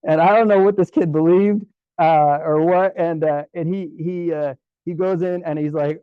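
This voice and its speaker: A man giving a casual storytelling presentation to a club, relaxed and chatty with many fillers and restarts. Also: fairly high pitch, a little fast, no echo, lo-fi sound. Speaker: guest presenter at a camera club.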